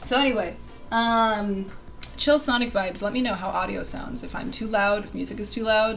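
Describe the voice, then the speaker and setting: A woman hosting a casual live stream, excitable and bubbly, laughing often and bursting into squeals, on a desk mic with soft music behind her. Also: mid-range voice, normal speed, creaky. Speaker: livestream host. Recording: quiet music under the voice. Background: soft background music.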